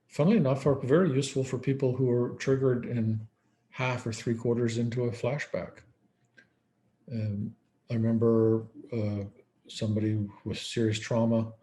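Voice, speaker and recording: This man's low, mellow voice carries a conversational conference lecture in which he, as a psychiatrist, recounts case stories and performs the quoted lines of dialogue.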